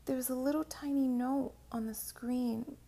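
A woman's voice: sits high, steady tone, a little slow, vocal fry, dark tone, voice pushed up, heavily acted. A woman voicing the narrator's frightened best friend, who speaks anxiously and pleads. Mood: urgent.

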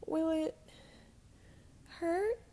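A woman's voice: high-pitched, steady tone, measured pace, vocal fry, dark tone, voice pushed up. A woman doing a quivering, frightened college girl. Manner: quivering, fearful, pleading. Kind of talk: whispered storytelling.

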